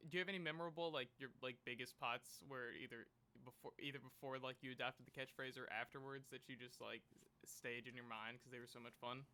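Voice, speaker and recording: A man's voice: medium pitch, fairly even intonation, fast talker, pushed and bright, smooth. A man hosting a podcast, asking casual questions and laughing along with his guest. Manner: laughing, encouraging interviewer. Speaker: podcast host.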